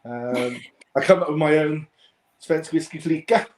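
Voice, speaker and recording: A man's voice: a little high, unhurried, a little mellow. A man hosting a casual chat, rambling with many restarts. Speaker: host. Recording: echoey room.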